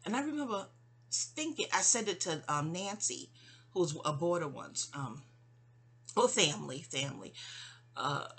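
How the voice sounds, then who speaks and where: A woman from New York speaking in a rambling, digressive personal monologue addressed to her mother, full of restarts and asides, often dropping soft. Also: on the low side, expressive, normal speed, long pauses, breathy edge. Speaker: vlogger.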